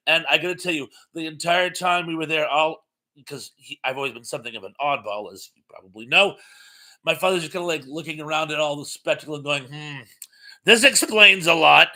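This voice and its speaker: A man from Massachusetts hosting a casual live-stream chat with a very bright, forceful tone. His voice sits a little higher than most men's, and he reads out viewer comments in a chatty, chuckling way.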